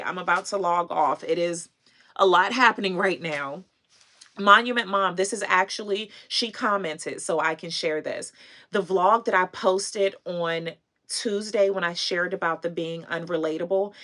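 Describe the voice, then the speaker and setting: On a livestream, a fashion and consignment vlogger shares a heartfelt story, earnest and emotional, laughing now and then as she chats with viewers. Her voice is fairly low and a bit bright.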